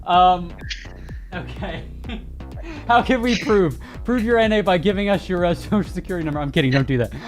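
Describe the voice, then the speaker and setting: A man hosting a live gaming news stream, joking with his viewers and laughing often. His voice sits a bit high, and faint music plays underneath. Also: a little fast. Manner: joking, talks straight to chat, laughs often. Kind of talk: casual live-stream chat.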